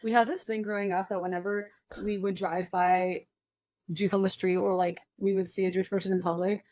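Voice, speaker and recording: A young woman joins a podcast as a guest and tells stories in a loose, animated way, full of fillers and quick laughs. Her voice sits at a middling pitch. The recording is dry and close. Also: no room sound. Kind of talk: casual chat.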